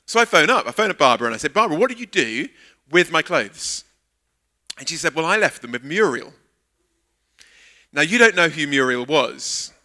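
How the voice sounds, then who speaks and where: A man giving a sermon at a church service, his voice very bright and his pitch swinging widely as he tells a story. He acts out each quoted line with lively energy, and his voice sits somewhat high for a man. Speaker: guest preacher. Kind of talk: sermon with a humorous personal anecdote.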